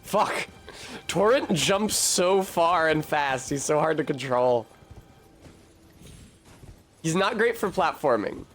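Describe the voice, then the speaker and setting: A man's voice: a little high, animated, slow pace, long pauses, a bit bright, faint music behind. A man giving casual, profane, jokey commentary while playing a game on stream.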